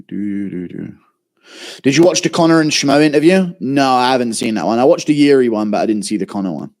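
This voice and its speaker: A man's voice: medium pitch, darkish tone. A man chatting loosely on a live stream, answering viewer questions with profane, rambling banter. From England. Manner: swears freely, rambling banter with lots of fillers.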